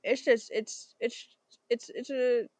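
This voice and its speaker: A woman co-hosting a casual podcast, talking slowly in a slightly higher voice. She laughs often, repeats herself and swears casually. The sound is dry and close. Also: fairly even intonation, darkish tone, no echo. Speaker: podcast co-host. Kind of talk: casual chat.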